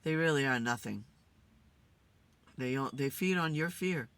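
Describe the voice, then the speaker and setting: A woman host talking to spirits in a casual, musing way, tired and low on energy. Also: expressive, measured pace, a bit bright. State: tired, yawning. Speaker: spirit communicator and channel host. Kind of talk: casual spirit session monologue. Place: in a car.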